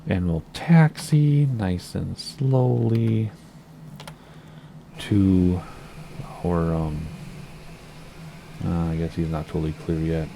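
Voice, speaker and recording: Low mellow guy rambling chatty over a flight sim, bit hoarse, a little gravelly. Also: slow pace, long pauses, a little hiss or hum. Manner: chatty, rambling, self-correcting. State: slightly hoarse. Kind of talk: casual gameplay commentary.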